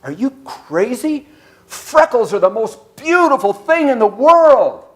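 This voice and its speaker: A man voices a feisty, loving old grandmother, pitching far above his natural voice into a very high, exaggerated register with big pitch swings. He speaks a little slowly, sounding incredulous and emphatic.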